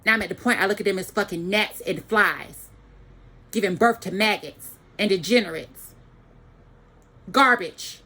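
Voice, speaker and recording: A woman's voice: medium pitch, normal speed, a bit bright, breathy edge. A woman giving an angry, profane ranting monologue to the camera, repeating phrases for emphasis.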